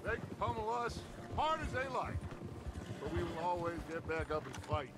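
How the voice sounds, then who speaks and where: A man's voice: high voice, lively intonation, moderate pace, very noisy. An actor playing a middle-aged outlaw gang leader in a western game, giving rousing, speechifying talks to his gang.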